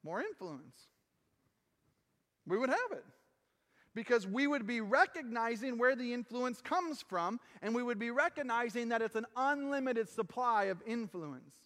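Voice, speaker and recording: Male pastor, very high voice, earnest emphatic sermon delivery, long hall reverb. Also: lively intonation, a little slow, fairly bright tone. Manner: earnest, emphatic, drops low on key phrases. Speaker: preacher. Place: church sanctuary.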